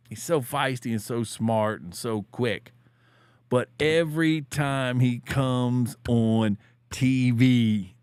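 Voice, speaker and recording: A man's voice: mid-range voice, dry recording. Playful slangy man hosting commentary. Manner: joking, loose, slangy, with shouted catchphrases. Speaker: commentary show host. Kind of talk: casual political commentary.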